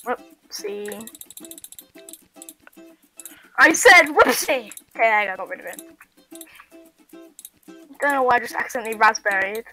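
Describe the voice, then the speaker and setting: A woman talks her way through a building game in loose, rambling chat, giggling and tripping over her words. Her voice sits high and sounds bright and forward. Faint music plays behind her. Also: animated, normal speed, pauses often, poor audio. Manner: rambling, giggly, self-correcting. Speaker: gaming YouTuber. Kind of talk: casual gameplay chat. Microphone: webcam and headphones at a computer.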